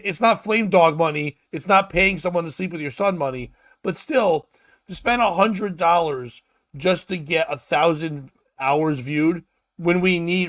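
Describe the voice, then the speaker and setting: A loud, animated man hosting a comedy chat show. His voice sits high for a man, and he jokes crudely and breaks into sudden shouts. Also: no echo, studio quality. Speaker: podcast host.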